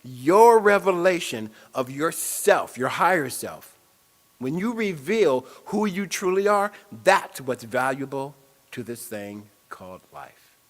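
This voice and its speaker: A man's voice: a little high, big pitch swings, slow pace. A man preaching a sermon in a church, leading affirmations and prayer with repeated phrases. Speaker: spiritual speaker.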